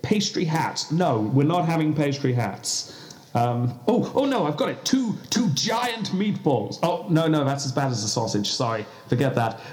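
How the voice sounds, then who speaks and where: A man's voice: a little high, sing-song, moderate pace, a little mellow, roomy sound, soft background music. A man playing a bossy, flustered male cheesemonger who pushes his partner for ideas and sounds exasperated. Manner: pushy, exasperated, brainstorming aloud.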